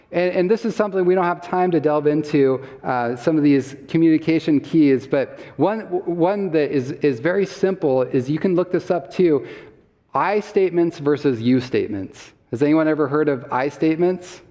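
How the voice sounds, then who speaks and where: A man's voice: a little high, normal speed, a little mellow. A man giving a health talk to a live audience, quizzing the listeners and laughing often as he explains. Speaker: health summit speaker. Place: church hall. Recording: long reverb from a church hall.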